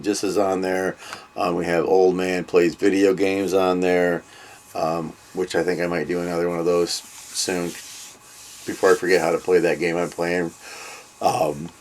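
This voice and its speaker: An older man hosting a comic book review vlog, chatting in a loose, rambling way with many ums and trailing asides. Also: low-pitched. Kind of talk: casual vlog chat.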